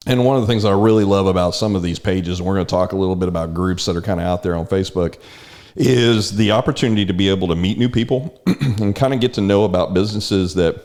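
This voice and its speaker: A man's voice: sits low, fast talker, a little mellow. A man hosting a community podcast, interviewing his guest in a rambling, easygoing way full of restarts. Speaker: podcast host. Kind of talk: casual interview.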